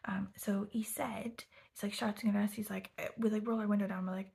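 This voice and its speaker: A woman whispers a storytime vlog from her sofa late at night. Her voice is very breathy with a gravelly crackle, at a middle pitch. She chats loosely, swears, and keeps asking "okay?". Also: level tone, brisk, few pauses, warm tone. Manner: chatty, swearing, lots of "like" and "okay?". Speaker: vlogger.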